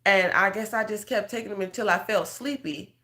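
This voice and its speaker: A woman's voice: mid-range voice, a little fast, sharp tone. A woman, a faith coach, telling an emotional personal testimony in an earnest, conversational way and talking straight to her listeners. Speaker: prophetic guidance coach.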